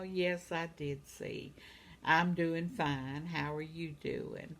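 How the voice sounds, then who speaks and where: A woman's voice: low-pitched, fairly even intonation, slow pace. A woman in her seventies chatting casually at home, reading out viewer comments and laughing often. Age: 70s. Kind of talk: casual chat.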